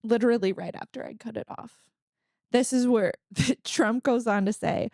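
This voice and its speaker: A sardonic, fast-riffing woman co-host. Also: fairly high pitch, no echo, studio quality. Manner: sardonic, animated storytelling with many "like"s. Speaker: podcast co-host. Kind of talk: casual comedy chat.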